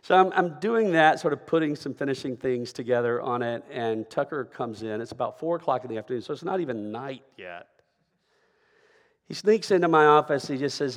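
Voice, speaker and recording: A middle-aged pastor storytelling in a reverberant hall. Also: male voice, medium pitch, fairly quick. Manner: conversational storytelling with frequent "right?" asides. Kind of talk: sermon. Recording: long reverb of a large hall.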